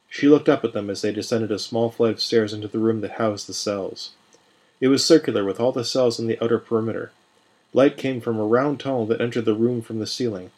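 A man narrating a scripted fantasy story in a measured, even reading. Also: mid-range voice. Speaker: podcast storyteller.

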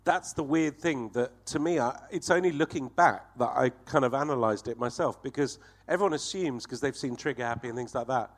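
A man's voice: mid-range voice, a little fast, hardly any pauses. A man telling a swearing, laughing anecdote as a guest. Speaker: guest comedian. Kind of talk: storytelling anecdote.

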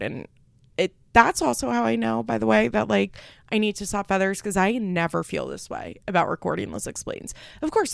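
A young woman talks alone into a close, dry podcast mic, her low voice heavy with vocal fry. She rambles and swears casually while on the edge of tears. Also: no room sound. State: tearful. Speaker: podcast host. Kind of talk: solo podcast announcement.

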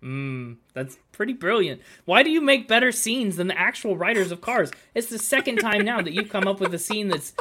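A man's voice: high-pitched, expressive, normal speed, few pauses, sharp tone, a little hiss or hum. A man co-hosting a casual podcast chat, curious and asking lots of follow-up questions. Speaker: podcast co-host.

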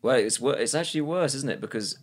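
A man in his fifties, brought up in Scotland, co-hosting a podcast and telling a rambling family anecdote with many halting restarts. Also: mid-range voice, expressive. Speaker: podcast co-host. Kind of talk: casual chat.

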